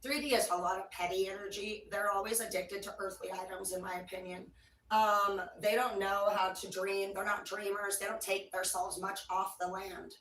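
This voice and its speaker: A woman's voice: mid-range voice, flat delivery, normal speed, fairly bright tone, far from the mic, slight background noise. Blunt, foul-mouthed woman reading tarot. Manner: blunt, profane, rambling. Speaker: tarot reader. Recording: echoey room, voice away from mic.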